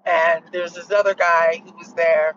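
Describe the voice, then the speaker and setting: A middle-aged woman talks casually to her listeners as a podcast host, animated and quick to act out other people's lines. She sits a little back from a dull-sounding mic. A faint hiss runs underneath. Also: on the low side. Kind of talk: casual storytelling monologue. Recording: distant muffled mic with faint noise.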